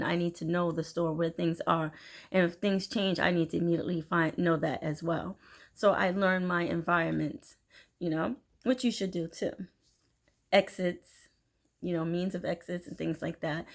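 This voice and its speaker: A woman giving a casual motivational talk, chatty and animated, acting out little scenes as she goes. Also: mid-range voice, creaky. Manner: chatty, animated storytelling with laughs and acted-out quotes. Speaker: inspirational speaker.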